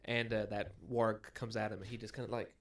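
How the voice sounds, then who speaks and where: A young man co-hosting a casual book podcast, relaxed, chiming in with comments and comparisons. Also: on the low side, brisk. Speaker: podcast co-host.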